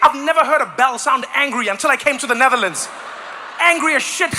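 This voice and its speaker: A man from South Africa doing stand-up comedy, animated and acting out voices and sounds. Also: very high-pitched, fast, slight background noise. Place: live comedy venue.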